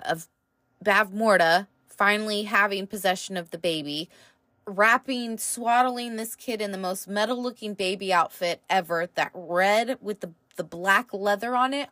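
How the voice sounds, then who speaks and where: Rambling, excitable woman podcaster. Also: mid-range voice, dry recording. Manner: rambling, excitable, swears casually, laughs often; slow, drawn-out delivery with many fillers. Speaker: podcast host. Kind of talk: casual solo podcast review.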